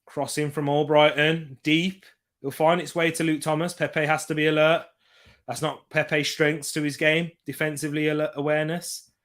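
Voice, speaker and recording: Young male host, bright, slightly high voice, excitable live match commentary mixed with quiet chat reading. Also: moderate pace. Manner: excitable, switches between loud hype and quiet chat reading. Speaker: football watchalong host.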